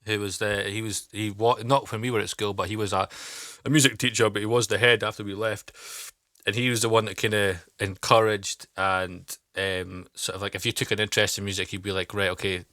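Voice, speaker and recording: A man's voice: on the low side, level tone, pushed and bright, no echo, clean studio sound. A young man reflecting in casual chat, hesitant and searching for words. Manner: halting, full of fillers and restarts. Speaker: podcast co-host.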